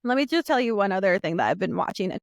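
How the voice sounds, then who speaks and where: A woman's voice: medium pitch, expressive, fast talker, gravelly, dry recording. A woman co-hosting a podcast, chatting casually and laughing easily along with her co-host. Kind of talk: casual chat.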